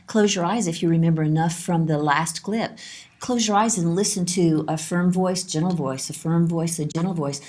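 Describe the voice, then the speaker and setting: A woman lecturing on child development, calm and explanatory, repeating her key points. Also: on the low side. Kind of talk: instructional lesson narration.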